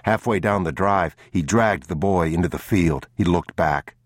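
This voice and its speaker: A man narrating an audiobook in a grave, measured, somber manner. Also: low voice, no echo, studio quality. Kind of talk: scripted narration.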